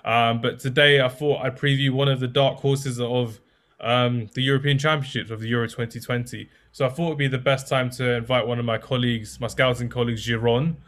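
A man's voice: mid-range voice, steady tone, fairly quick, a bit bright. A man hosting a casual football podcast, chatty and self-deprecating, with many fillers. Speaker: podcast host.

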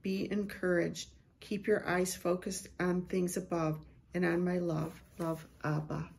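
A middle-aged woman, a Christian prophetic speaker, slowly and reverently reading a prophetic word and sharing a vision. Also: on the low side, flat delivery, gravelly, darkish tone, slightly rough.

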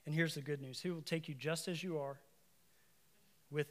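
A man with a somewhat high voice delivers a sermon to a congregation. He talks in a conversational way, breaks off for asides and corrections, and builds to emphatic, repeated lines. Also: fairly even intonation, normal speed. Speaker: preacher.

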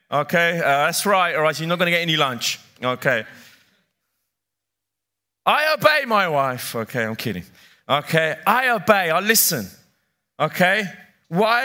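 Emphatic, bright-voiced male preacher. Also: high-pitched. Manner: emphatic, repeats key phrases, asks the congregation questions. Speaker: pastor. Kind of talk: sermon. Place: church.

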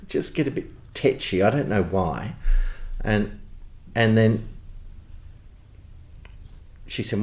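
A man with an Australian accent, a theatre producer telling lively backstage anecdotes in an interview. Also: fairly low pitch, a little slow, pauses often. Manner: animated storyteller, does voices in quotes.

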